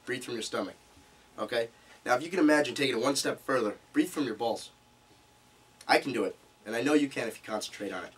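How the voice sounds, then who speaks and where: A man presenting a live seminar to a small group, animated as he demonstrates different speaking tones. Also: medium pitch. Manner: animated, demonstrates vocal tones while explaining. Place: meeting room. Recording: distant mic with faint room noise.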